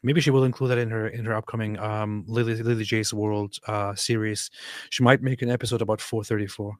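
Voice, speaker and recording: A man co-hosting a casual live stream, reading viewer comments aloud with quick asides. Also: lowish voice, flat delivery, dry recording, clean studio sound. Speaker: co-host reading chat.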